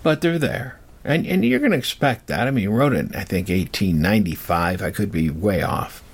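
Brief: man with a low, gravelly voice, rambling personal storyteller. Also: sing-song. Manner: rambling, halting, with many fillers.

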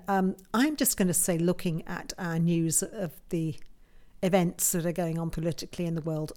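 A woman with a croaky voice after a flu, hosting a tarot and astrology live stream in a chatty, self-mocking way, often laughing at herself. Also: lowish voice, darkish tone. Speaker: host of a tarot and astrology show. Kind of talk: casual live-stream chat.

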